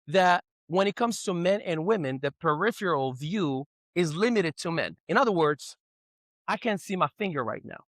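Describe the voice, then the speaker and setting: High-voiced animated male speaker. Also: no echo. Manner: animated storyteller, acts out quotes. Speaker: relationship speaker. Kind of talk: motivational talk to a live audience.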